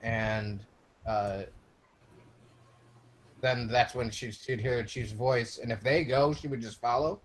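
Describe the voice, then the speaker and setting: Man, player, mid-pitched, halting, lots of "um"s. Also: fairly even intonation, rough recording. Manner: halting, many fillers and self-corrections. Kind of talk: casual tabletop game chat.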